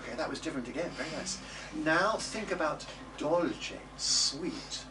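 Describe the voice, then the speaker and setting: A music teacher with a fairly high, animated voice talks at normal speed while leading a singing class. He coaxes students and sings phrases to demonstrate; the distant mic picks up background noise in the classroom or studio.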